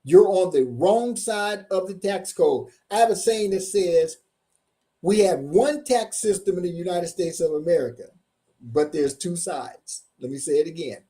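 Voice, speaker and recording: A man's voice: high-pitched, measured pace, warm tone. A man delivers a motivational seminar presentation as a tax coach. He speaks emphatically, drawing out his key points and repeating them. He keeps asking his audience questions to pull them in.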